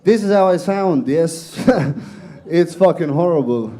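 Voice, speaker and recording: Young Estonian-accented male comic, deadpan self-mockery, high voice. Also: slow pace. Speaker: stand-up comedian. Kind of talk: stand-up set. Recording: live comedy club room.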